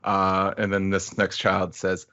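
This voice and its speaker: A man co-hosting a podcast, recapping a manga chapter in an easygoing way with halting restarts and wry asides, heard on dull lo-fi audio. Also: deep voice, completely flat delivery, pushed and bright. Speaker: podcast co-host.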